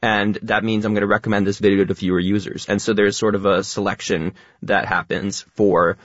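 A man talking quickly as a radio guest, explaining ideas at length in a casual way. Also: on the low side, flat delivery, a bit bright, dry recording, muffled recording. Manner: fast talker, explains at length.

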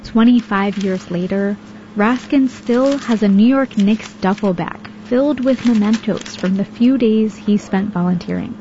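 A woman reporter narrating a radio news feature in a measured, even way. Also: mid-range voice, muffled recording, slight background noise.

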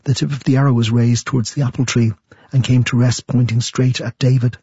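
Author, male, warm low-timbred and breathy, measured storyteller reading his own prose, dry close sound. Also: no room sound, dull audio. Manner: thoughtful, measured, with a steady storytelling delivery when reading. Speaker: author interviewed about his book. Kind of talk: interview answers and reading aloud from his book.

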